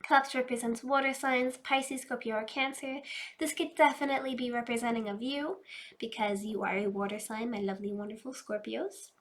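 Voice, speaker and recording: A woman doing a casual, chatty tarot reading, fast-talking and loose, addressing her viewers directly. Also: a little high, steady tone, a bit bright. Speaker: tarot reader.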